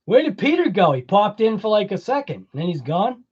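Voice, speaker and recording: A man's voice: high-pitched, sing-song, brisk, a little mellow, breathy edge, muffled recording. A man with a Boston accent hosting a casual livestream, chatting with viewers, laughing often and rambling through explanations. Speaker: livestream host.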